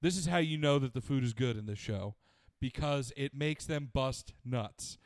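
A man's voice: mid-range voice, normal speed, no room sound, studio quality. A man chatting casually and crudely, animatedly retelling a show and quoting its characters. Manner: profane, animated retelling with quoted voices.

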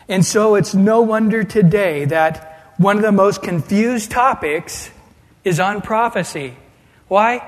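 A man preaching an expository sermon, reading scripture aloud and then explaining it in a conversational way with wry asides. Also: sits high. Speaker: pastor. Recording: long hall reverb.

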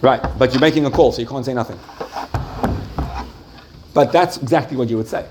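A male teacher leads a Jewish class, asking his students question after question and drawing out key points slowly. His voice sits at an ordinary pitch, with faint noise in the background. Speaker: religious teacher.

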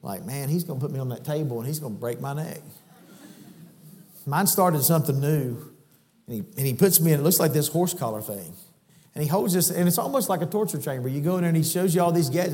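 A man preaching a sermon in a church, shifting between folksy storytelling and loud, high-pitched exhortation. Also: expressive, brisk. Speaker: guest preacher. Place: church sanctuary. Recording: church hall reverb.

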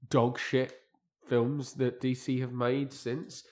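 A man's voice: medium pitch, little pitch movement, takes it slowly, a little mellow, reverberant. Rambling man chatting about films. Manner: rambling, searches for words, laughs while telling. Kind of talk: casual chat about films.

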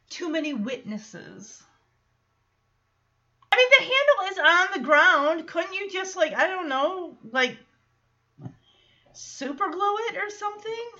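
A woman's voice: high voice, sharp tone. A woman hosting a podcast, recapping an episode in a chatty, rambling way with lots of fillers and exclamations. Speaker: podcast host. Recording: dull lo-fi sound.

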